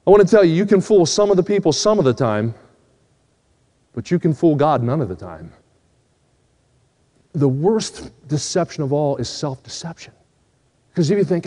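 A man's voice: a little high, lively intonation, moderate pace, pauses often, dark tone. A man preaching a sermon, telling a story and acting out the dialogue, then pleading earnestly with his listeners. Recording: long hall reverb.

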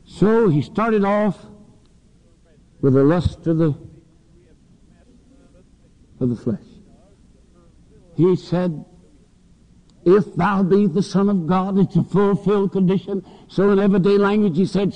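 A man's voice: high voice, slow, pauses often, warm tone. A man preaching a sermon to students, telling folksy stories and acting out voices. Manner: folksy storytelling, acts out voices. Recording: dull lo-fi recording with long hall reverb.

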